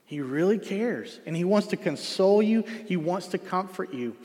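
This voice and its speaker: A middle-aged man preaching a sermon in a church, earnest, moving from loud emphasis to hushed softness. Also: sits high, animated, moderate pace, hardly any pauses. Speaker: pastor. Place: church sanctuary. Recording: long hall reverb.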